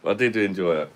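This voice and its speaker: A man's voice: lowish voice, a bit bright. A man, chatting casually on a live stream and answering viewers' comments. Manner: laid-back, chatty, reads out viewer comments.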